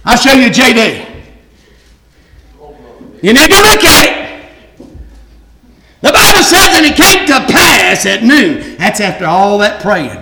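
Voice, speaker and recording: A man preacher delivering a fiery revival sermon, shouting and punctuating his lines with "hey". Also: very high voice, very animated, a little slow, vocal fry, pauses often. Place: church. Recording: echoey church with noise.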